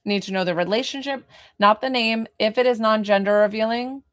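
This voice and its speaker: A woman's voice: fairly high pitch, fairly quick, fairly bright tone. A woman spiritual medium giving a live-streamed reading, talking in a chatty, informal way that wanders off to side matters. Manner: chatty, informal, easily sidetracked.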